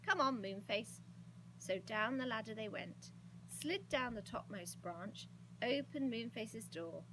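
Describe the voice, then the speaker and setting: A woman reading a children's storybook aloud with expressive, lively delivery. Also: a little high, unhurried, noisy background. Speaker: storybook reader.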